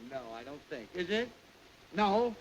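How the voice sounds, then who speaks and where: A man's voice: high-pitched, very animated, measured pace, poor audio. A man hosting a revue, rambling through a comic sketch in a mock-pompous, playful way. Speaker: master of ceremonies. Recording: hissy 1929 film soundtrack.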